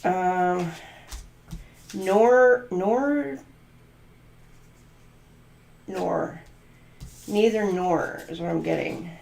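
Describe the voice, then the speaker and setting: A woman's voice: lowish voice, very slow, gravelly, darkish tone, echoey room. A woman doing a channeled tarot reading, musing aloud and free-associating letters, numbers and words. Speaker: tarot reader.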